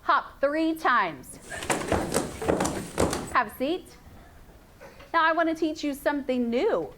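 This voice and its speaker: A woman teaching a phonics lesson to young children in a classroom, slow and sing-song, repeating sounds and rules. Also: high voice, very animated, noisy background.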